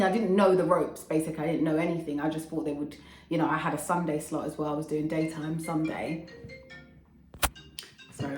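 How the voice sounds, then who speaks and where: A woman, telling her story in a chatty, animated vlog as a radio DJ, swearing casually and making quick asides. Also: sits low, slight background noise. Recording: echoey room.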